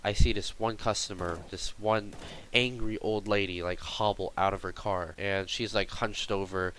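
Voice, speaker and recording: A man's voice: lowish voice, fairly even intonation, moderate pace, a bit bright, a little hiss or hum, poor audio. A young man telling a workplace story in a casual, rambling vlog style, full of fillers and exaggeration.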